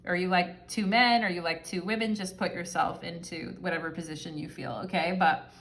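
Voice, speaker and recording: A woman's voice: fairly low pitch, a little fast, a bit bright. A woman giving a casual pick-a-card tarot reading, talking straight to her viewers in a chatty, affectionate way with a lot of fillers. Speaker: tarot reader.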